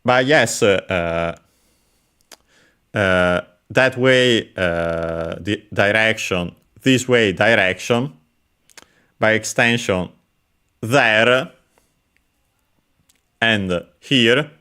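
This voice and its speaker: Slow, low-voiced man explaining Japanese words. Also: pushed and bright, clean tone. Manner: halting, many uh fillers, careful explanation. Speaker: language teacher. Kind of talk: explaining Japanese vocabulary while playing a game.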